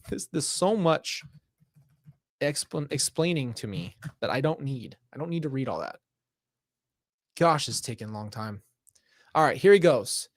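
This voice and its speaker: A man's voice: medium pitch, expressive, measured pace, pauses often, no echo. A man streaming himself as he reads an interactive story aloud, breaking off with exasperated, laughing asides on a close mic.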